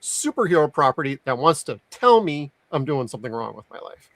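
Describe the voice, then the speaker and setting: A man's voice: on the high side, big pitch swings, a little fast, no room sound. A man guesting on a casual podcast, blunt and opinionated.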